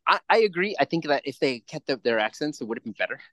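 A man's voice: on the high side, very animated, fast talker, a crowd in the background. A man co-hosting a podcast in casual chat, rambling and swearing freely as he acts out little quotes. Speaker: podcast co-host.

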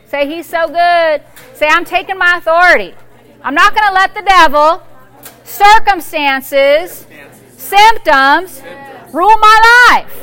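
A woman's voice: on the high side, fairly bright tone. A woman pastor preaching a fervent sermon and prayer, leading the congregation in call-and-response declarations.

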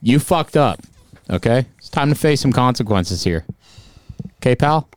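A man in casual podcast banter, scolding a friend in a mock-stern, profane way. His pitch swings widely as he talks. The room sounds dry and close. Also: animated, normal speed, dry recording. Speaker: podcast co-host.

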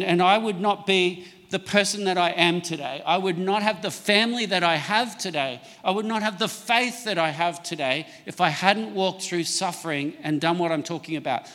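A middle-aged male pastor preaching a sermon, reading scripture slowly for emphasis and calling for amens from the congregation. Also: high-pitched, a bit bright, big-room sound. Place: church.

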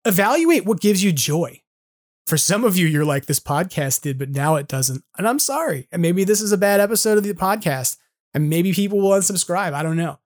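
A man's voice: high-pitched, expressive, brisk. A man in his forties hosting a podcast, delivering an earnest, frustrated solo monologue full of casual fillers. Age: 40s. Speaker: podcast host.

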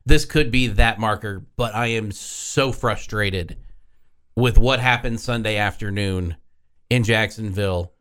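A man's voice: fairly low pitch, unhurried, fairly bright tone, clean tone. A man hosting a sports talk radio show, talking in an exasperated, sarcastic way.

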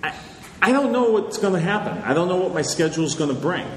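A man's voice: high voice, sing-song, quick pace. A male author answering audience questions in a conversational, lecturing way, often checking in with "okay?". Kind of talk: live Q&A talk. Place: large hall with audience. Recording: echoey hall, faint noise.

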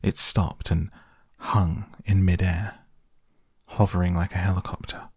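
A man reading a children's story aloud in a measured, expressive narration. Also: low-pitched, slightly rough, no room sound, studio quality. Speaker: audiobook narrator.

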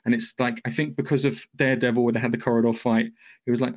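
A man's voice: medium pitch, level tone, fast. A man hosting a podcast, giving a loose, profane, rambling recap of a film's plot in casual chat. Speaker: podcast host.

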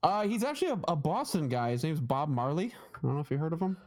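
A man's voice: on the high side, sing-song, fast, a little mellow. A man co-hosting a podcast, chatting casually and rambling through retold jokes. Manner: rambling, retells jokes in put-on voices. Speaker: podcast co-host. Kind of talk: casual chat.

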